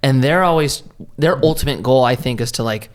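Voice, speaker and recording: A man's voice: medium pitch, a little fast. A man hosting an interview, asking loose, conversational questions. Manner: conversational, searching, filler-heavy. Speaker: interview host.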